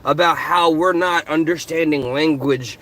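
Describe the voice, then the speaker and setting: Brief: male vlogger, high and bright, passionate car rant recorded on a phone. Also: measured pace. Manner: passionate, animated. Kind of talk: casual ranting commentary. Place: in his car. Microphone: phone camera.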